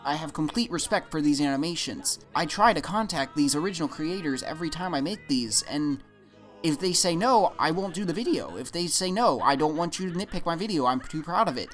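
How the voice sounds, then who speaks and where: A YouTube commentator answering comments in a vlog, defensive and exasperated, rambling with frequent restarts. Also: medium pitch.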